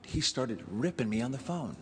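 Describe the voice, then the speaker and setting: Animated and mid-range, the senator moves at a normal speed through his tribute speech, performing the dialogue in his stories and chuckling as he goes. The recording carries a little hiss or hum along with the chamber's long reverb and faint ambience.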